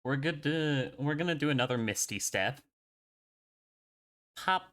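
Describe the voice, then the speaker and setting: A player in a tabletop game, talking through their turn with frequent laughter. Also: medium pitch. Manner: slow, animated, laughs often. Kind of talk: casual tabletop game banter.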